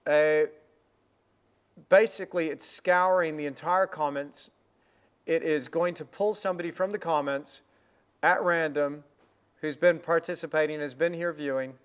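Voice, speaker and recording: A middle-aged man teaching painting on a livestream, talking in an energetic, rambling way with many restarts. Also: on the high side, a little slow, clean tone. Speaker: art teacher hosting a livestream. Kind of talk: casual livestream chat while painting.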